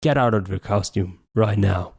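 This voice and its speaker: A man's voice: lowish voice, little pitch movement, a little slow, mellow, close to an everyday voice. A man voicing a stern, overworked father who scolds his son in a raised voice. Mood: angry.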